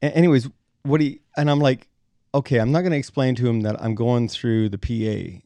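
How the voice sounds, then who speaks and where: A middle-aged man, a bassist and podcast guest, telling animated stories, acting out quotes and chuckling as he goes. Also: a little fast, dry recording. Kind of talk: anecdotal storytelling in conversation.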